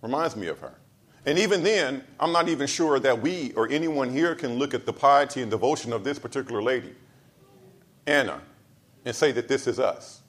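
A pastor delivering a sermon, driving points home with repeated lines and swinging between loud emphasis and soft asides. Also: male voice, mid-range voice, lively intonation, fairly quick. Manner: casual storytelling asides.

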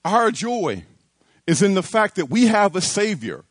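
Male pastor mid-sermon, animated, fairly high voice, dry close recording. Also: a little slow, no room sound. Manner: animated preaching with repetitions and emphatic rises.

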